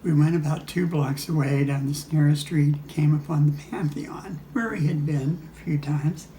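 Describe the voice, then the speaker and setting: A man's voice: a little high, fairly even intonation, normal speed, warm tone, a little hiss or hum. An older man casually recounting travel memories, rambling with frequent restarts and chuckles. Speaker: storyteller. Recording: echoey room.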